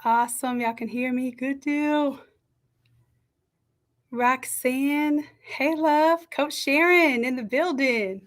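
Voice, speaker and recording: A woman hosting a live stream from a home setup, chatting and greeting each viewer warmly by name. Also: sits high, slow pace. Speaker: livestream host and design coach. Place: home setup with makeshift camera stand. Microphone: camera on a stand.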